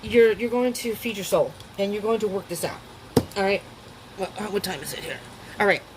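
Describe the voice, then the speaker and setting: A woman's voice: medium pitch, fairly quick, very noisy. A woman giving a casual tarot reading at home, chatty and emotional, often laughing and restarting her sentences. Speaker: tarot reader.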